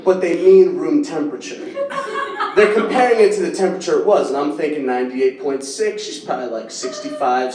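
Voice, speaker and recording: A man's voice: on the high side, distant mic. Man doing stand-up in a roomy club. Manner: storytelling, drops quiet then bursts into loud yelps. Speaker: stand-up comedian. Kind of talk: stand-up comedy set. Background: audience laughter.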